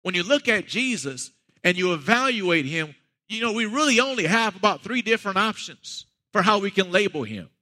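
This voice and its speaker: A man's voice: high-pitched, expressive, normal speed, pushed and bright, long reverb tail. A man preaching a sermon as a pastor, talking conversationally and building to emphatic peaks.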